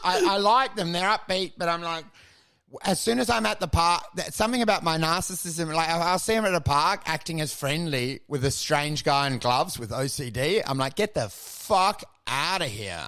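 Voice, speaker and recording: A man's voice: fairly high pitch, moderate pace, bright, forceful tone, clean tone, no echo. A man co-hosting a comedy podcast, ranting and swearing in casual banter, mimicking people in exaggerated voices.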